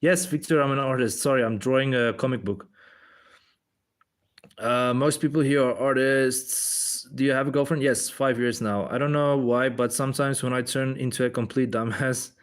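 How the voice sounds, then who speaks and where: A man's voice: medium pitch, fairly even intonation, normal speed. A man streaming while he inks comic pages, chatting loosely and profanely and answering viewers as he works. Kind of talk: casual rambling livestream chat.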